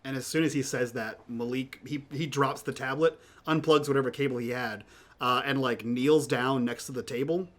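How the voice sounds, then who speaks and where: A man's voice: medium pitch, fairly even intonation, moderate pace. Casual man playing a tabletop game. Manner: casual, hesitant, describes actions. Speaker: player.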